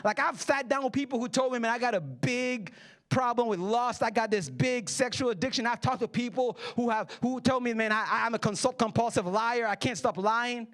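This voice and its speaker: A man's voice: very high voice, moderate pace, fairly bright tone. A man in his thirties preaching a sermon in church, joking with the congregation and acting out the people in his stories. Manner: playful, jokey preaching with acted-out quotes. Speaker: pastor. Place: church hall.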